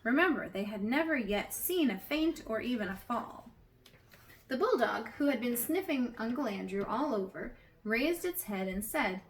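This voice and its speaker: A woman narrating a storybook aloud in a gentle, measured way. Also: fairly high pitch, lively intonation. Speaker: audiobook reader.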